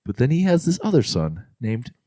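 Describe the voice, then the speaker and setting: A young man co-hosting a podcast, telling a story in an animated way with frequent laughs. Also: medium pitch, moderate pace, dry recording, clean studio sound. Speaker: podcast co-host. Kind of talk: casual chat.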